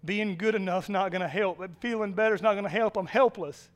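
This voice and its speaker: A man's voice: high voice, a little fast, lightly acted. A man acting out a desperate man trapped in a hole who pleads for help and complains that he is helpless. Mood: pleading. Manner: pleading, then bitter and helpless.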